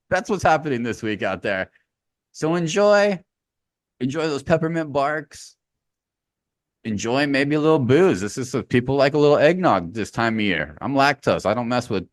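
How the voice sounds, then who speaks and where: A male podcast co-host talking in loose, animated banter, peppered with slang and swearing. His voice sits at an ordinary pitch, recorded close on a dry, dead-sounding mic. He rambles easily from one bit to the next. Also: no echo. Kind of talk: casual chat.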